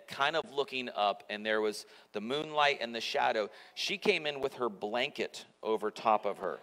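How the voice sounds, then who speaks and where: A man's voice: medium pitch, fairly bright tone. Man preaching in an echoey church. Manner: conversational, self-mocking storytelling. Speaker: pastor. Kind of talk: sermon. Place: church auditorium.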